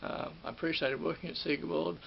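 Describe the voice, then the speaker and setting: Reminiscing about his old job as a ride operator, this middle-aged Australian rambles, repeats himself and corrects himself often. He has a fairly high, gravelly voice with a steady tone and a fairly quick pace. The recording is dull and faintly hissy.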